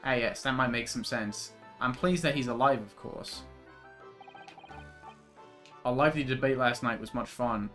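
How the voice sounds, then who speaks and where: A man's voice: medium pitch, a little slow, long pauses, a bit bright, soft background music, natural voice. A man voicing a melodramatic young male student who wails that he is cursed. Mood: sulky. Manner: theatrical, wailing.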